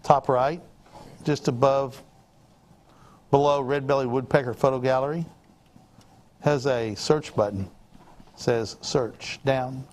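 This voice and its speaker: A man's voice: mid-range voice, steady tone, slow, long pauses, darkish tone. Rambling man hosting a gear show. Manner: rambling, self-correcting, teasing. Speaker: show host. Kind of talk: casual on-air product chat.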